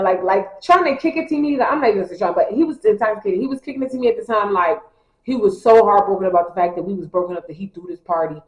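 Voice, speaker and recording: A young woman tells a personal story casually, slangy and animated, acting out her friends' lines. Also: mid-range voice, quick pace. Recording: echoey room.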